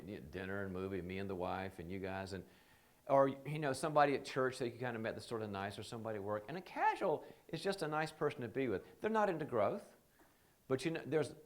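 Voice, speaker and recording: A man leading a leadership training seminar, telling animated stories and acting out the people he quotes. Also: medium pitch. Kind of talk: seminar talk.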